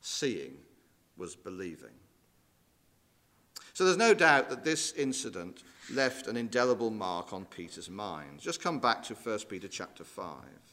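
Walking his audience through scripture in a sermon, this preacher asks rhetorical questions and recites verses in archaic wording. His delivery is expressive, emphasis rising and falling, and his lowish voice moves at an unhurried pace.

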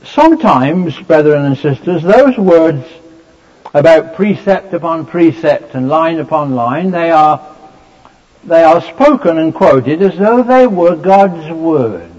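A man preaching a sermon, explaining scripture in a measured way with many fillers and restarts. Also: on the high side, lively intonation, darkish tone. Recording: dull lo-fi recording.

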